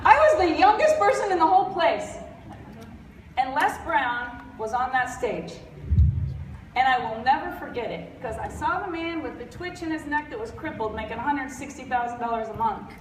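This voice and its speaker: A woman's voice: sits high, lively intonation, moderate pace, noisy background. A middle-aged woman giving a blunt, fired-up, jokey motivational talk from a convention stage, sounding stuffy and congested. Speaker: convention speaker. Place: large convention hall. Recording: roomy hall audio from far off.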